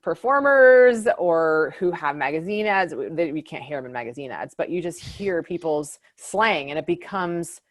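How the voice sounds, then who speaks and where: A woman's voice: low voice, animated, moderate pace, few pauses, dry recording, clean studio sound. A woman hosting an interview in a chatty, casual way, dropping the filler word "like" often. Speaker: host, naturopath.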